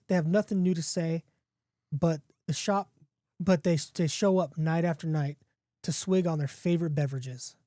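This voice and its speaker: A man's voice: fairly high pitch, warm tone, no room sound, studio quality. A podcast host reading his own spooky story in a casual, playful way, with a few restarts.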